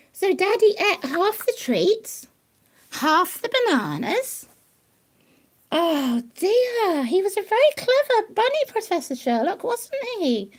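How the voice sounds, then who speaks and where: A woman speaks in a very high voice that swoops up and down. She coaxes and praises her pet rabbit in a playful, sing-song way. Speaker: pet rabbit owner hosting a live stream. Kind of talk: doting talk to a pet rabbit.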